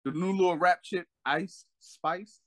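A man in casual podcast chat, telling stories with heavy slang and profanity and acting out quotes with big leaps in pitch. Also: measured pace. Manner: animated storyteller, acts out quotes with big pitch jumps; heavy slang and profanity, repeats "you know what I'm saying".

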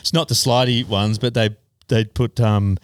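A man's voice: lowish voice, fairly even intonation, normal speed, no room sound, clean studio sound. A man chatting casually on a podcast, telling riding stories and laughing often. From Australia. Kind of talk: casual chat.

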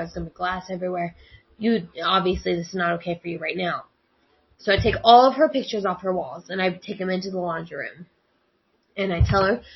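A woman's voice: on the low side, creaky, muffled recording, a little hiss or hum. Woman animatedly telling a family story. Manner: animated, acts out quoted dialogue. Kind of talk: casual storytelling conversation.

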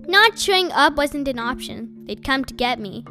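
A woman reading a first-person audiobook in a wry, deadpan storytelling manner. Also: high-pitched, moderate pace, soft background music. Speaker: audiobook narrator.

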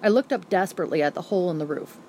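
Woman audiobook narrator, first-person novel, brisk vivid telling, lowish voice, faint background hiss. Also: animated, darkish tone.

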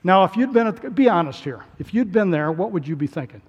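A male pastor delivering a sermon in an animated way, his voice rising to emphatic peaks. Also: high-pitched, moderate pace, long pauses, breathy edge. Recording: long hall reverb.

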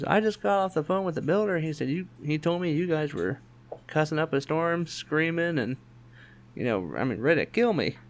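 Man telling a story on a podcast. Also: medium pitch. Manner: quick, animated anecdote-telling with voiced quotes. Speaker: podcast host. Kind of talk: casual storytelling chat.

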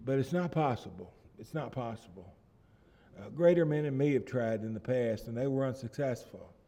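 A middle-aged man preaching a sermon, often restarting phrases and swelling loud and slow when he reads scripture. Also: medium pitch, lively intonation.

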